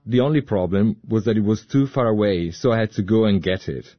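Lowish voice guy reading translation, plain, dry muffled. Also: animated, a little fast, no echo. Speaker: interpreter voice-over. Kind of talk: translated voice-over.

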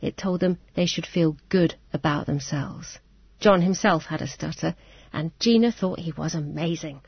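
Woman interviewer and narrator with a calm, measured delivery, husky and a bit gravelly; dry room. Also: low voice, no room sound, muffled recording.

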